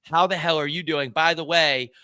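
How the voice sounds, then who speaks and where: A man co-hosting a loose podcast chat, ranting hard and swearing freely. His voice is bright and forceful, a touch high for a man, and sits in a dry, close sound. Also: steady tone, moderate pace, smooth, no room sound. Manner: fired-up, profane ranting. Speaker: podcast co-host. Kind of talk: casual chat.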